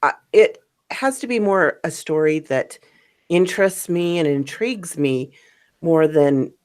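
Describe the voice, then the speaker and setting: A woman's voice: low voice, measured pace, darkish tone. A woman who narrates stories, chatting casually as host of a stream, rambling and laughing often. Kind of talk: casual chat.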